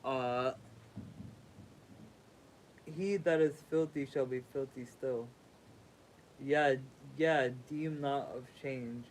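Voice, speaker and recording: A man's voice: medium pitch, fairly even intonation, extremely slow, pauses often, a little hiss or hum, rough recording. A sleepy man reading a sacred text aloud as a livestream host, stumbling over words, rereading them and making casual asides.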